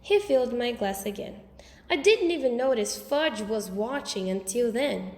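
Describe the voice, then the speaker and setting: A woman with a high voice reads a children's story aloud with lively expression. Her voice rings out in a roomy space with a long reverb tail. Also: a little slow. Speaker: audiobook reader. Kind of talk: storybook narration.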